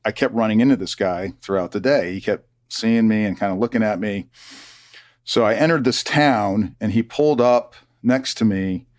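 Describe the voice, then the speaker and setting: A man's voice: lowish voice, moderate pace, no echo, studio quality. A middle-aged man, a retired army officer, telling stories in an interview and acting out the people he quotes. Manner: animated, acts out quoted dialogue. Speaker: retired army colonel, guest. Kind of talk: conversational storytelling interview.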